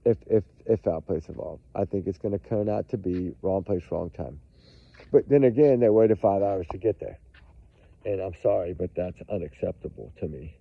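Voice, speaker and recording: Male commentator, low gravelly voice, emphatic and repetitive, phone-quality audio. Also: moderate pace, dry recording. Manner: emphatic, repetitive, addresses viewers as y'all. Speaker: true crime commentator. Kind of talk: casual commentary to viewers.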